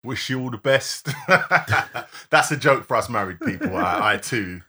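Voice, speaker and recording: A man co-hosting a casual live-streamed podcast, bantering and reeling off shout-outs to listeners. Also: medium pitch, lively intonation, unhurried, breathy edge. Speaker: podcast co-host.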